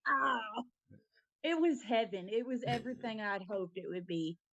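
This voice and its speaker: A woman's voice: mid-range voice, expressive, fairly quick, a little mellow, low-quality recording. A woman co-hosting a casual talk show, telling stories in a chatty, giggly way. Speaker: co-host. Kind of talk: casual chat.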